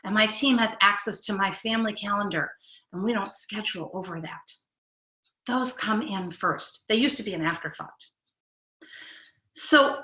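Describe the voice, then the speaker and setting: A woman's voice: medium pitch, bright, forceful tone, echoey room. A middle-aged woman, a life coach giving a motivational webinar talk, earnest and direct, putting questions to her audience.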